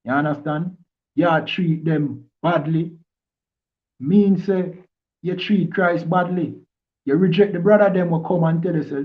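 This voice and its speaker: A man's voice: on the high side, measured pace. A man with a Jamaican accent teaching from scripture in a preachy way, often stopping to ask if listeners understand. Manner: preachy, keeps asking "you understand?". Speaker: religious teacher. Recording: tinny phone-like line.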